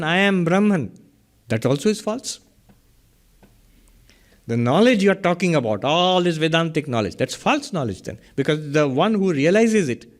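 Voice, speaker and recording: A middle-aged man, teaching Vedanta philosophy in a lecture, explaining through questions and everyday examples. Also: a little high. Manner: explains by questions and examples, chuckles at own jokes.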